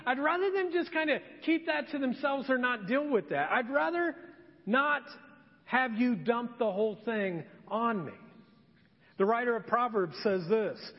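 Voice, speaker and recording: A man's voice: very high-pitched, in a large hall, lo-fi sound. A man preaching a sermon as pastor, talking in a conversational, self-deprecating way and telling stories. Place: church sanctuary.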